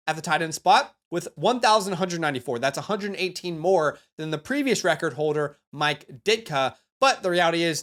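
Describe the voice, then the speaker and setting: A young man with a fairly high voice delivers energetic commentary, firing off numbers and turning to the audience with quick asides. He sounds emphatic and sure of his rankings. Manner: emphatic, rapid stats delivery with direct asides to viewers. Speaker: fantasy football analyst host.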